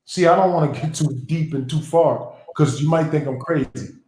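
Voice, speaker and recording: A man's voice: on the high side, normal speed, a little mellow, roomy sound, rough recording. A man talking in a reflective, philosophical way during a casual conversation, drawing out his phrases.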